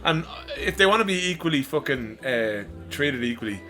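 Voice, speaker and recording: A man's voice: medium pitch, animated, moderate pace, pushed and bright, soft background music. An Irish man co-hosting a podcast, laying out blunt opinions in casual chat and swearing freely. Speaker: podcast co-host.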